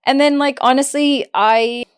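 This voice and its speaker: A woman in her forties hosting a podcast, talking in a reflective, heartfelt way and often pausing to search for words. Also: high voice, fairly even intonation. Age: 40s. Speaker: podcast host. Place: podcast studio, seated across from guest.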